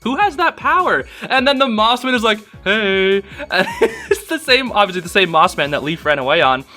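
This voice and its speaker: An excited young video reviewer walks through a cartoon episode in a loose, casual way, gushing and repeating his praise at a fairly quick pace. His voice is high and bright, with faint music underneath.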